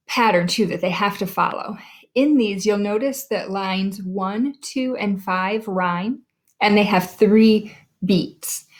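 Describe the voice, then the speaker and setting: A woman teacher records a lesson for her students. She talks clearly and deliberately, slowing down to sound out names syllable by syllable. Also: medium pitch.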